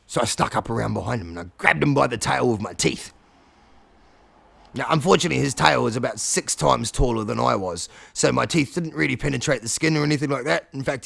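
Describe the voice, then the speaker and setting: A man's voice: mid-range voice, vocal fry, no echo, heavily acted. A man voicing a boastful, foul-mouthed three-legged male cat prince telling his war story. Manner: swearing, deadpan boasting.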